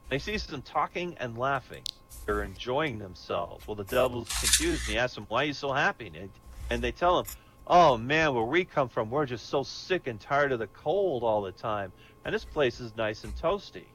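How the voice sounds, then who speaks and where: A man's voice: mid-range voice, a bit bright, a little hiss or hum, poor audio. A man hosting an online comedy show, telling jokes and acting out the characters in them.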